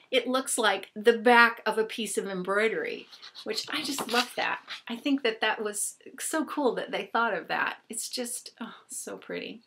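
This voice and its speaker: Bright chatty lady gushing over her books on her vlog. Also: medium pitch. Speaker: book vlogger. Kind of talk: casual book haul chat.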